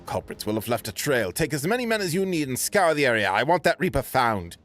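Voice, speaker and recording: A man's voice: medium pitch, very animated, brisk, a bit bright, faint music behind. A man voicing a stern male imperial officer in a game, his put-on accent shifting as he goes. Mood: commanding.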